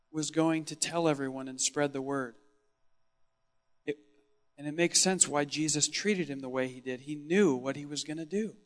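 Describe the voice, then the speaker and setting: A man with a higher-than-usual voice preaches in character, as if recounting events he saw himself. He tells the story dramatically, rising to loud exclamations and then dropping to a near hush. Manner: expressive storytelling, swinging from loud exclaims to hushed tones. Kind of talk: first-person dramatic sermon monologue.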